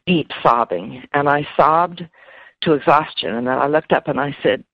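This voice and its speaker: A woman's voice: deep voice, no echo. Woman guest in an interview, stops and repeats herself a lot, muffled lo-fi sound, dry. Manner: halting, repeats words when moved. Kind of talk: emotional personal interview.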